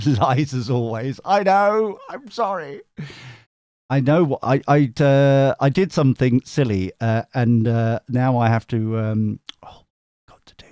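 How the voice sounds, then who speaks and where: A man's voice: medium pitch, measured pace, darkish tone, dry recording, clean studio sound. A man hosting a tarot livestream, bantering playfully with his chat.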